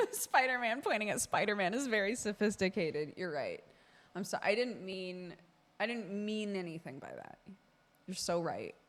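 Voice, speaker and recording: A woman's voice: mid-range voice, big pitch swings, normal speed. A woman streamer chatting casually with her viewers, laughing often as she talks. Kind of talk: casual live-stream chat.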